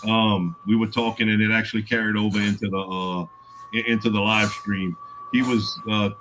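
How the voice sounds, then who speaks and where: A man's voice: fairly low pitch, little pitch movement, normal speed, a bit bright, slight background noise, rough recording. A man talking at length in a casual live-stream chat, explaining his points.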